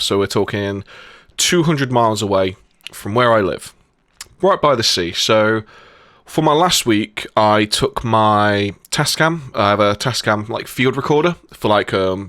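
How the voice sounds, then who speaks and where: A man's voice: fairly low pitch, a bit bright, dry recording. Brief: young British guy, podcast host, rambling and chatty, dry close sound. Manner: laughs often, rambling storyteller. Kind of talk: casual podcast chat.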